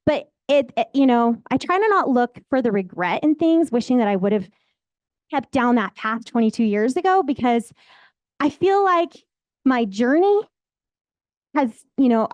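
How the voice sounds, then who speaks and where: A woman in her forties tells her life story with candid, rambling emotion. Her voice sits a little high, and the sound is dry and close, with no room around it. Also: lively intonation, moderate pace, a little mellow, dry recording, lo-fi sound. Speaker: real estate agent. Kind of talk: personal storytelling.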